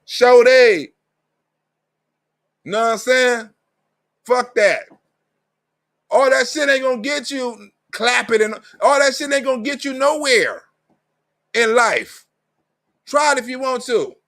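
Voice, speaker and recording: A man with a strikingly high voice, ranting on his own live stream. His talk is blunt street slang, thick with profanity, and he hammers home every point with heavy emphasis. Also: animated, takes it slowly, gravelly, pauses often, a bit bright. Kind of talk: ranting monologue.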